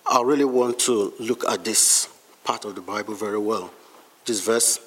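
A man preaching a sermon, slowly reading and explaining scripture with emphatic, deliberate phrasing. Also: on the low side, husky, in a large hall.

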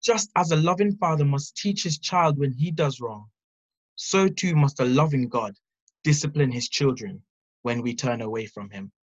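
A speaker giving an earnest, measured devotional Bible teaching, reading scripture and reflecting on it. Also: mid-range voice, lo-fi sound. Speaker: preacher.

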